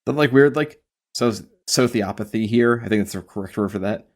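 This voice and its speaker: Low-voiced man, blunt and profane. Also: a little fast. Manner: blunt, swears freely, heavy use of "like". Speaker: podcast co-host. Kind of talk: casual chat.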